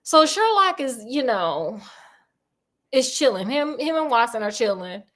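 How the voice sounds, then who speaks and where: A woman's voice: fairly high pitch, sing-song, measured pace, fairly bright tone. A woman hosting a storytelling show, retelling a classic detective tale in a chatty, slangy, digressive way. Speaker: storytelling host.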